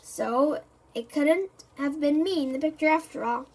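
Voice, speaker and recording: A cheerful, rambling storybook postman who chats in a friendly way, voiced by a woman reading aloud. His voice is high. It sounds like a children's book read aloud. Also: measured pace, rough recording. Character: cheerful, chatty adult man postman.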